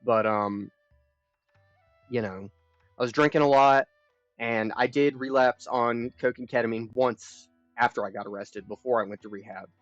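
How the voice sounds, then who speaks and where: A man's voice: medium pitch, steady tone, moderate pace, no echo, faint music behind. Young man rambling on a dull stream mic. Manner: rambling, profane, frank. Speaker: live streamer. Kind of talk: casual storytelling chat.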